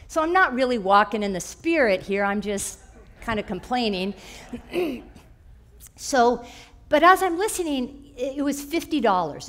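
A woman telling a personal story in a conversational way at church, quoting voices as she goes. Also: a little high. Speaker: church speaker.

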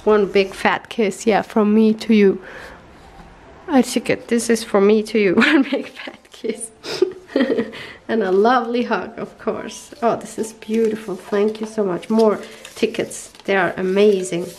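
Slow-talking woman, gushing and teary. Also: medium pitch, fairly even intonation, a little mellow, poor audio. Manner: gushing, searching for English words. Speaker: papercraft vlogger. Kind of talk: casual unboxing chat. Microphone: tablet microphone.

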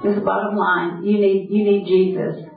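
A woman's voice: medium pitch, level tone, normal speed, vocal fry, faint music behind. A woman preaching an earnest sermon and quoting scripture directly. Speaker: Bible teacher. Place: camp meeting hall. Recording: distant, echoey, phone-like lo-fi.

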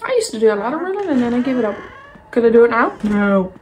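A woman's voice: fairly high pitch, very animated, fast, a little mellow, slight background noise, rough recording. A young woman giving casual, jokey commentary while playing a video game, chatting to herself and her pet. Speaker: gaming youtuber. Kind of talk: casual let's play commentary. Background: game music.

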